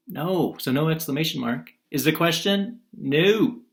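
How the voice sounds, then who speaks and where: A man's voice: a little high, normal speed, few pauses. Playful male teacher quizzing his class. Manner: lively, asks the class questions and answers them; playful, acts out quotes in different voices. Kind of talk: recorded video lesson.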